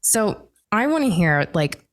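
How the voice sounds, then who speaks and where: A woman's voice: mid-range voice, very animated, measured pace. A woman hosting a podcast, chatting in a gushing, talkative way with lots of filler words. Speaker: podcast host. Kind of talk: casual chat.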